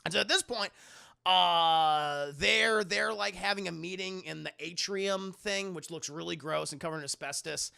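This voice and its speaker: A man's voice: high-pitched, moderate pace, vocal fry, bright, forceful tone, clear, resonant tone. A man chatting casually on a live stream, reviewing a film scene by scene, swearing freely, and talking to his chat. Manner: profane, chatty, talks to chat.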